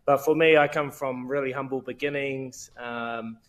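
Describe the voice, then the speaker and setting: This podcast guest, a Kiwi in his thirties, chats casually through frank, self-deprecating tales full of laddish slang. He speaks at normal speed with medium pitch and fairly even intonation.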